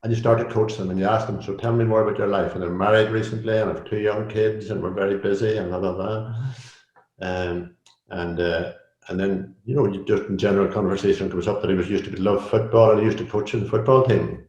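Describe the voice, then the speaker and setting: A man's voice: on the low side, fairly even intonation, a little fast, a little mellow, muffled recording. Chatty older man coaching, roomy sound. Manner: chatty, repeats himself, many "you know"s. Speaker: executive coach, guest. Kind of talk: casual interview conversation. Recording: roomy echo.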